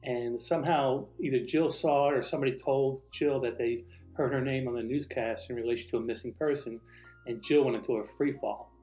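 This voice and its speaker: Male storyteller, lively delivery, acts out dialogue; echoey room, faint music underneath. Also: mid-range voice, brisk. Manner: animated, acts out quoted dialogue. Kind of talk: recounting a true personal story.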